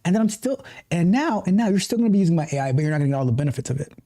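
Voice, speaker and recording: A man's voice: a little high, lively intonation, very fast, dark tone. A middle-aged man hosting a casual tech livestream, talking passionately in a ranting way with many restarts. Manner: passionate, ranting, self-interrupting. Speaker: tech coach and livestream host.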